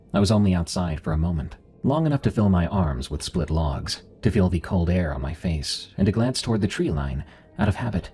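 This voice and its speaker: Male horror narrator, low and mellow, measured delivery, soft music bed. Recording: faint music underneath.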